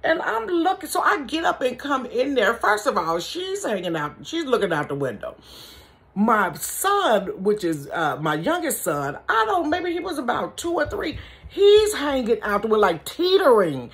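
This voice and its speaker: A woman telling a family story in a casual storytime vlog from her bedroom, chatty and animated, calling her viewers y'all and honey. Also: a little high, normal speed.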